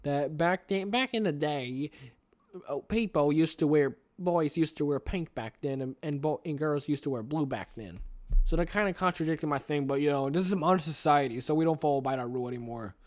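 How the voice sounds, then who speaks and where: Rambling young man, higher voice. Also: fairly quick. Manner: rambling, restarts, talks to himself. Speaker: streamer reading a novel. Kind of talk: casual rambling chat.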